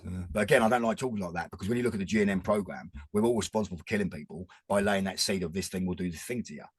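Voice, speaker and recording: A man's voice: low-pitched, very fast, breathy edge, dry recording. A man, talking earnestly and rambling in a casual chat as a podcast guest. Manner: rambling, restarts often, earnest.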